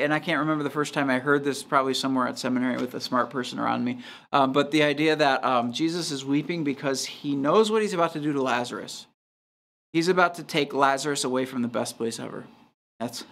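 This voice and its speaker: A man, a pastor, leading a casual Bible study, reading scripture aloud and thinking out loud with frequent restarts and small chuckles. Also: mid-range voice, vocal fry. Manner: reads scripture aloud at a steady clip.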